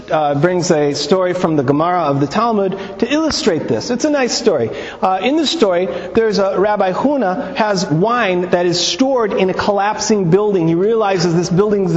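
A man giving a conversational teaching on scripture and Talmud, retelling stories and asking rhetorical questions. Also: high-pitched. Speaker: Bible teacher. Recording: long reverb, dull lo-fi sound.

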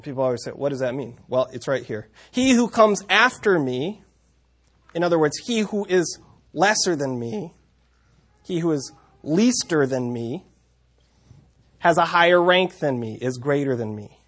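Man teaching scripture, high-ish voice. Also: animated, a little slow, long pauses, a bit bright. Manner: conversational, reads verses aloud, self-correcting restarts. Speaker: Bible teacher.

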